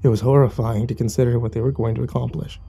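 A man's voice: mid-range voice, little pitch movement, fast talker, creaky, mellow, soft background music. A man narrating a horror story in the first person, with dramatic scripted delivery.

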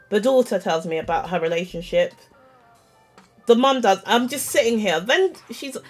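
A woman, telling an animated, self-mocking story in a casual vlog, full of "like" and quoted dialogue. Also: medium pitch, unhurried, pauses often, soft background music. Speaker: vlogger.

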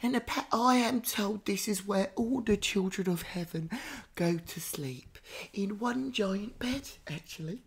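A woman with a husky voice hosts a comedy podcast, playing a psychic who bellows to spirits and then drops into hushed whispers. Her pitch sits in an ordinary middle range. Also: lively intonation, a little slow, a faint crowd. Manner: theatrical, swinging from loud calls to hushed whispers. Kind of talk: improvised comedy psychic reading.

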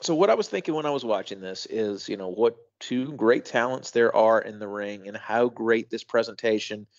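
A man co-hosting a wrestling podcast, talking in a casual, thoughtful way with halting restarts and emphatic asides. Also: on the low side, dry recording, dull audio. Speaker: podcast co-host.

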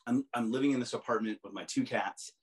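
A man's voice: mid-range voice, fast, low-quality recording. Middle aged guy rambling thru old stories in an interview, lots of restarts, does little voices of people. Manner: rambling anecdotes with restarts, mimicking others' voices. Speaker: musician guest. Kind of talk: casual storytelling interview.

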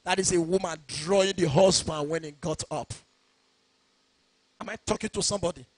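A man preaching a sermon, shouting his points and slipping into a sing-song cadence. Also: high voice, normal speed, no room sound. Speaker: pastor.

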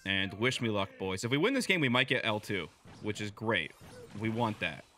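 A young man giving excitable live play-by-play commentary on his own match, chatty and quick, swinging between low mumbling and loud yelling at his teammates. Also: faint music behind. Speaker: gaming video creator.

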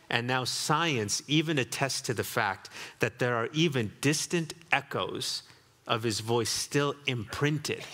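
A man's voice: mid-range voice, sharp tone, in a large hall. A man preaching a sermon as pastor, reflective and building to emphatic repetition, in a church sanctuary.

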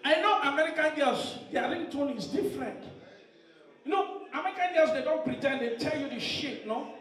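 Animated Nigerian comedian on a live stage. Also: male voice, moderate pace, far from the mic. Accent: Nigerian Pidgin English. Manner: animated, swings from shouted punchlines to low asides. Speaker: stand-up comedian. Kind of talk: stand-up comedy. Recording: echoey venue heard from off mic. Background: laughing audience.

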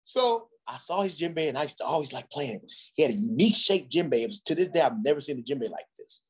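A man from Ghana, a drummer, tells childhood stories in a relaxed conversation. His voice is a little husky, and his pitch swings lively up and down as he acts out the people in his tales. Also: fast. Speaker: guest drummer. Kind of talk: storytelling in a conversation.

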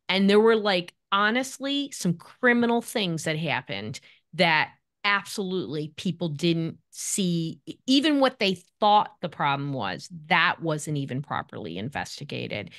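A middle-aged woman speaking as an expert guest on a podcast, animated and acting out the voices she quotes. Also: lowish voice, a little slow. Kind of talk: podcast interview.

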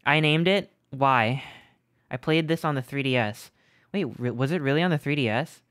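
Playful man streamer, smooth dry voice. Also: mid-range voice, moderate pace, a bit bright, no room sound. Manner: playful, teasing, greets chat by name. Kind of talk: casual live-stream chat.

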